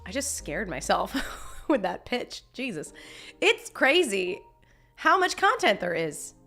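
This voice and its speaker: Bright-voiced woman chatting on a stream. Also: mid-range voice, big pitch swings, unhurried, vocal fry, soft background music. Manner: chatty, laughs often, talks with fillers and restarts. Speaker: streamer reading chat. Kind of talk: casual live-stream chat. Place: home.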